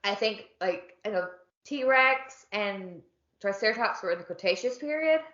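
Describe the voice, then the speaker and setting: A woman's voice: mid-range voice, expressive, a little slow, a bit bright, dull audio. Chatty woman co-host in an echoey room. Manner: chatty, joking, trails off mid-sentence. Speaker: podcast co-host. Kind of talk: casual chat over wine.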